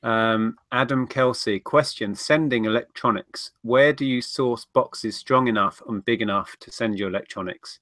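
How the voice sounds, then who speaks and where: A man's voice: mid-range voice, moderate pace, hardly any pauses, fairly bright tone, no room sound, studio quality. A man chatting casually on a livestream, rambling through viewer questions. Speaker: co-host of a reselling livestream.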